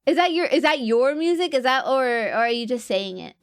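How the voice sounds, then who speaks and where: A woman's voice: sits high, normal speed, clear, resonant tone. A young woman streamer chatting casually and reading out viewer comments, playful and jokey and often laughing. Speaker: VTuber streamer.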